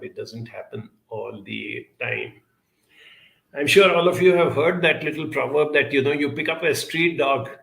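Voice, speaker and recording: A man answers audience questions with earnest, measured advice, his voice gravelly yet bright. He pauses often, filling gaps with 'uh'. The sound rings with the echo of a roomy space. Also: medium pitch. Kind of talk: advice talk.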